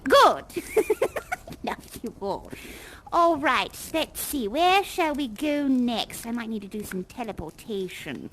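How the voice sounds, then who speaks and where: A gushing, high-voiced party hostess. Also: female voice, big pitch swings, slow, a bit bright, slight background noise, full character voice, poor audio. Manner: gushing, chatty, theatrical exclamations. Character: theatrical, fussy female party hostess and tour guide. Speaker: live actor guiding a tour in a virtual reality theater show. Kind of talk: improvised live role-play.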